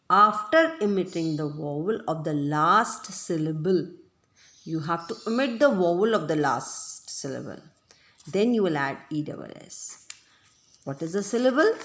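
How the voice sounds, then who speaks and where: A woman teaching a grammar lesson, speaking slowly and deliberately, repeating her points and checking that her listeners understand. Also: lowish voice. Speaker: English teacher. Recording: echoey room.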